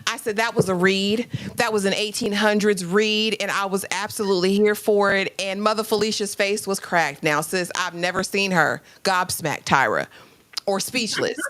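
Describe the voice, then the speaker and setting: A woman hosts a live recap discussion. She is animated and chatty and acts out lines from the scene as she goes. Her voice sits at an ordinary pitch. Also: normal speed. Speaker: host.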